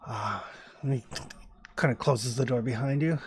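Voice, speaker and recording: A man's voice: medium pitch, moderate pace, a little hiss or hum. A man narrating as game master in a tabletop game, in a loose, rambling way with many fillers.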